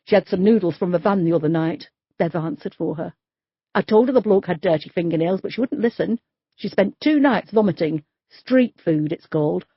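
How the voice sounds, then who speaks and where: A woman's voice: on the low side, moderate pace, breathy edge, no echo, lo-fi sound. A woman voicing a blunt, gossipy middle-aged street worker, in an audiobook. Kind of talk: audiobook character voice.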